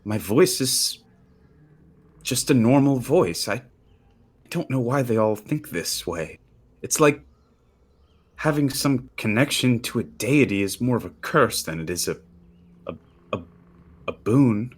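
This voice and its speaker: A man's voice: medium pitch, expressive, measured pace, long pauses, husky, voice pushed up. A man voicing a bitter young heavenly-blooded woman. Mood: weary. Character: bitter young half-celestial woman, guarded.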